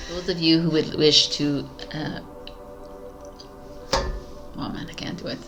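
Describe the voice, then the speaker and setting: A woman reading tarot in vlog bloopers, giggling and flustered, stumbling and restarting, with quiet asides under her breath. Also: deep voice. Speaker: tarot reader.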